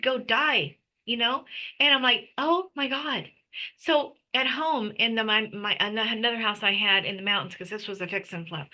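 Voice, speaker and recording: Bright, intense middle-aged woman. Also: a little high, rough recording. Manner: intense, frequent restarts and stammers. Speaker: interview guest. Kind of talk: emotional personal testimony.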